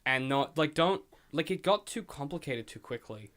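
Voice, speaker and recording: Young man, podcast co-host, animated rant, swears a lot, slightly high voice. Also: moderate pace. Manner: animated, ranting, swears freely. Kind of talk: casual film review chat.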